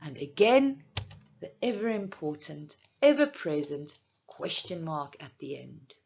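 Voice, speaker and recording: A woman teaching a grammar lesson, speaking slowly and deliberately, with clear emphasis. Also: sits low, big pitch swings, a little mellow, highs cut off, a little hiss or hum.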